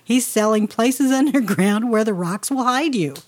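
A woman co-hosting a casual chat, playful and quick to laugh, explaining topics at length. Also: a little high, a little mellow. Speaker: co-host.

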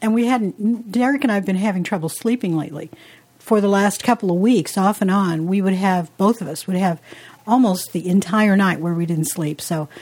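A woman co-hosting a relaxed podcast conversation. She talks in a chatty, meandering way, circling back with restarts and side remarks, her voice sitting in an ordinary middle register. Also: medium pitch, moderate pace. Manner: chatty, rambling with restarts and asides. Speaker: podcast co-host. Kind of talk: casual conversational chat.

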